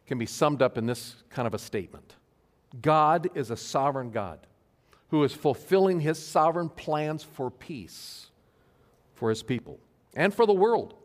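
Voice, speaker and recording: Man preaching in a reverberant church. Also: mid-range voice. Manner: earnest, emphatic preaching with slow stressed phrases. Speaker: pastor. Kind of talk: sermon. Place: church sanctuary. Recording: long hall reverb.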